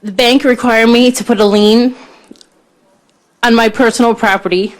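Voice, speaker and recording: A woman's voice: fairly high pitch, fairly even intonation, normal speed. A woman, a small shop owner, giving earnest public testimony at a legislative hearing. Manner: earnest, pleading, grows tearful.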